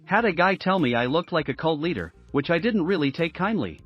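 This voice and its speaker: A man reading out story posts in a steady, even narration. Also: on the high side, brisk, husky. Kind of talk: scripted narration of reader posts. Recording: dull lo-fi sound with faint music.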